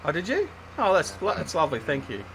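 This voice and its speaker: A man's voice: on the high side, wildly swooping pitch, fast talker, creaky, fairly bright tone, a little hiss or hum. A man hosting a casual gaming livestream, chatting and teasing his guests while he plays. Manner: chatty, teasing, thinking aloud while playing. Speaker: livestream host.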